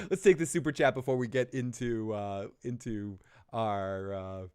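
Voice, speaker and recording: A man's voice: mid-range voice, unhurried, a little mellow, clear, resonant tone. Profane rambling male stream host. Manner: rambling, profane, restarts often. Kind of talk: casual live review chat.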